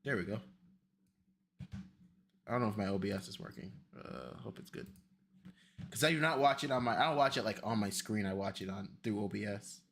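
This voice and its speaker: A man's voice: on the low side, brisk, long pauses, fairly bright tone, a little hiss or hum. A young man streaming casually, rambling and exclaiming to himself as he sets things up. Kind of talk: casual stream chat while setting up a video.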